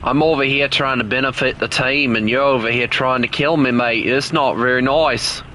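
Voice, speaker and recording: A man's voice: medium pitch, steady tone, moderate pace, sharp tone, slight background noise, close to an everyday voice. A man putting on a jokey, exaggerated Australian accent as a cheeky bloke while chatting with friends during gameplay. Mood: joking. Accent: put-on Australian. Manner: jokey, teasing, sprinkles "crikey" and "mate".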